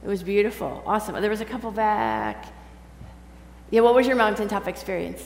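A woman's voice: mid-range voice, expressive, fairly quick, darkish tone. Chatty woman preaching in an echoey church. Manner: chatty, quizzes the congregation directly. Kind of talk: scripture reading and conversational sermon. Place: large church sanctuary. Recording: echoey hall with faint hum.

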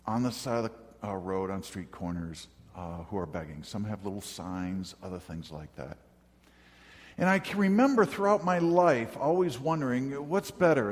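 A man delivers a sermon in a calm, conversational, storytelling manner, slipping in light humor as he goes. His voice sits at an ordinary middle pitch for a man. The sound carries a long hall reverb, as if recorded in a large church. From northern United States. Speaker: pastor.

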